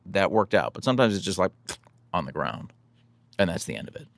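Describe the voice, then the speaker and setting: Chatting with his live audience, an American host rambles in a relaxed, self-deprecating way at a quick pace. His low voice has a gravelly fry and moves up and down a lot, and the sound is close and dry with no room sound.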